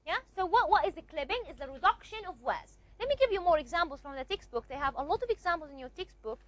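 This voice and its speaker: High-voiced woman teaching a lecture. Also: expressive, quick pace, fairly bright tone, no room sound, muffled recording. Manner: repeats and asks rhetorical checks, with frequent fillers. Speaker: linguistics teacher. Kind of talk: recorded classroom lecture.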